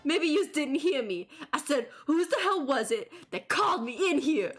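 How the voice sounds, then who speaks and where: Woman as a gruff Brooklyn loan-shark tough guy, lively delivery. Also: high voice, moderate pace, faint music behind, voice pushed up. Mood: belligerent. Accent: Brooklyn (put on). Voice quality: gruff, streetwise slang.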